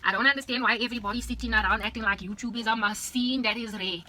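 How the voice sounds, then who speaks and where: A woman's voice: a little high, steady tone, fast talker, bright, forceful tone. A young South African woman with a South African accent, vlogging in an exaggerated, repetitive ranting monologue that slips into Afrikaans.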